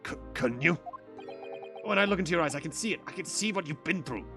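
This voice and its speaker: A dejected young foreign student pleads to be defended in court, as a man reads him out. His voice rises and falls a lot, bright notes and sinking low sighs by turns, over clear game music. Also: animated, fast talker. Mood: pleading. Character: anxious young male foreign student, accused.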